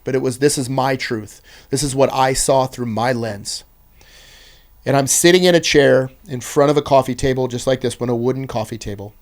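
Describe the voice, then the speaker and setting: A man, a podcast guest, telling his personal testimony in an earnest, intense way, swinging between loud bursts and hushed passages. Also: medium pitch.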